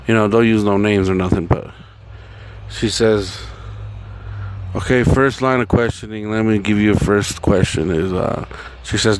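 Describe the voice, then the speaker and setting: A man's voice: fairly low pitch, slight background noise. Profane, rambling man telling a story. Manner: rambling, profane, acts out dialogue in quotes. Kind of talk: casual storytelling.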